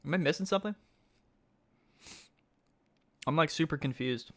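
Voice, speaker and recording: A man giving live-stream commentary on a card game tournament, excitable and thinking aloud, often asking his chat questions. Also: fairly high pitch, very fast.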